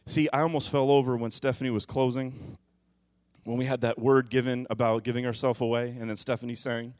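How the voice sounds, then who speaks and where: A man preaching a sermon as pastor, moving from quiet, musing passages to loud, impassioned bursts. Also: mid-range voice, level tone, brisk, no echo.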